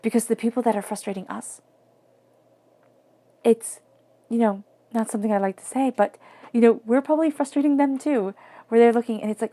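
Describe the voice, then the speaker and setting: A woman giving a tarot reading in a soft, flowing, reflective way, sometimes dropping to near-whispers. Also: a little high, fairly even intonation, a little fast. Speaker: tarot reader.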